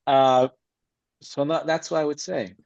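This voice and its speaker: A man's voice: fairly high pitch, steady tone, measured pace, creaky, a little mellow. A man speaking as a podcast guest about acting, blunt and emphatic in a streetwise way. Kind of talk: casual interview chat. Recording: slightly dull lo-fi sound.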